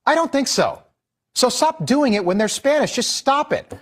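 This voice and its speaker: A man's voice: very high-pitched, animated, moderate pace, fairly bright tone. A man giving exasperated opinion commentary as a news commentator. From Irish heritage. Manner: exasperated, scolding.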